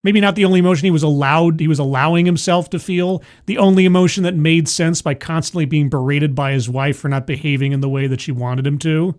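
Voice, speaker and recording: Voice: medium pitch, fairly even intonation, fast talker, few pauses, darkish tone. A streamer doing sarcastic, exasperated commentary on a video during a live stream.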